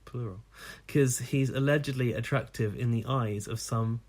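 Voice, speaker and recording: A man's voice: mid-range voice, moderate pace, darkish tone, lightly acted. A man voicing a snarky male listener's ranting email, read in a mocking, sarcastic tone. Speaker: podcast co-host.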